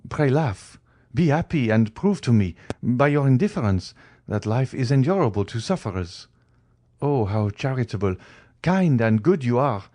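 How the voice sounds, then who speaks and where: A man voicing a grieving young man who speaks earnestly and fervently, a bit above his usual narrating pitch. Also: sing-song, moderate pace, a little mellow, no room sound, natural voice.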